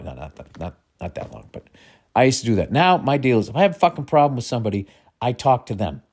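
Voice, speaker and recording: A man hosting a comedy advice podcast, ranting with lots of swearing and exasperated outbursts that drop into mutters. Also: medium pitch. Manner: swearing, exasperated, swings between loud and muttering. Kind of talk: profane comedic rant.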